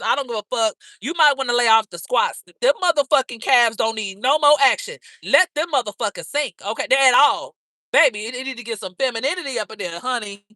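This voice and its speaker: Brash, bright-voiced woman trash-talking. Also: on the high side, dry recording. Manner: brash, profane, gossipy trash talk; calls viewers girl, baby, honey. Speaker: live-stream host. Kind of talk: casual chat with viewers.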